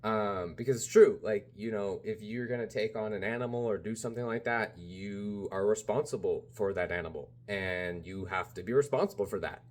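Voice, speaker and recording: A man's voice: fairly low pitch, normal speed, few pauses, darkish tone. A man vlogging in a casual, rambling monologue, full of "you know", "like" and "bro". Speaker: spiritual vlogger.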